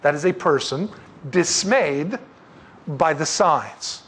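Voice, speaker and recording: A man leading an evening Bible study, talking through scripture in an animated, conversational way with joking asides and rhetorical questions. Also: on the high side, slow pace, slight background noise. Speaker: Bible teacher.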